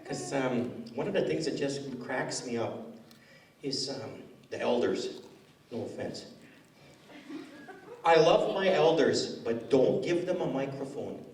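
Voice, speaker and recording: A man's voice: medium pitch, lively intonation, slow, long pauses, a little mellow, a little hiss or hum. A man doing stand-up comedy in a school hall, rambling and self-mocking, often laughing at his own jokes. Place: school hall with a live audience. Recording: roomy hall audio from a distance.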